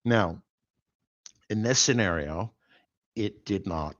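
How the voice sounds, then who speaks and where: Rambling low-voiced man, dull sound. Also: slow pace, no echo. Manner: rambling, animated storytelling with many fillers. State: sore after an accident. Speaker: host. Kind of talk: casual chat.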